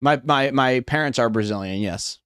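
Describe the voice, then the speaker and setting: A man's voice: medium pitch, normal speed, fairly bright tone, clear, resonant tone, no room sound, studio quality. A young man with a West Coast American accent chatting casually on a livestream, rambling, swearing and thinking aloud as he reads chat. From United States. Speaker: streamer.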